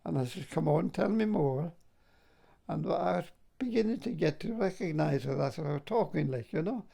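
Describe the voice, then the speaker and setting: In an interview, an older war veteran from Scotland reminisces at a moderate pace, his slightly high voice gravelly and mellow with lively intonation. He chuckles along and keeps saying "like, you know."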